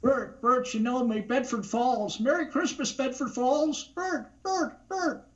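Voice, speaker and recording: A drawling, stammering hero from an old film, as a man imitates him, pitched far above the man's own voice. The sound is dull and lo-fi. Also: unhurried, fairly bright tone. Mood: pleading. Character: stammering old-time male film everyman.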